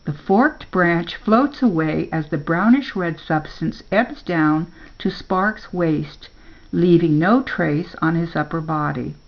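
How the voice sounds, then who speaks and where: An older woman, a grandmother, reading a children's story aloud in a slow, gentle storybook manner. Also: fairly low pitch, lo-fi sound.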